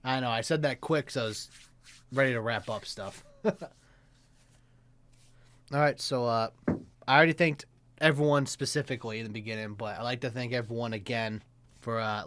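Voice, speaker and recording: A man's voice: medium pitch, fairly bright tone, a little hiss or hum. Laughing, crude-joking male podcast host. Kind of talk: casual podcast chat.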